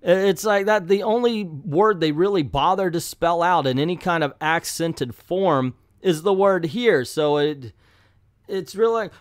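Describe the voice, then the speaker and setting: A man's voice: sits high, unhurried, dry recording, studio quality. A man with a slight Southern drawl, ranting bluntly and profanely as a comic book reviewer in an exasperated vlog.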